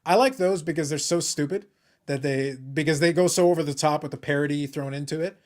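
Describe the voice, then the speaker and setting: A man with a fairly high voice talks quickly in a casual live stream chat. He is blunt and opinionated. He keeps repeating his first words before he settles into a point. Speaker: host of a hobby live stream.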